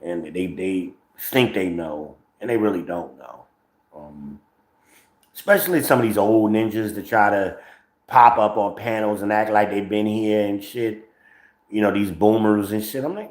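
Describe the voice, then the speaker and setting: Low-voiced man, profane rambling talk. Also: moderate pace. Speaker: streamer host. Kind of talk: casual livestream monologue. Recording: roomy echo.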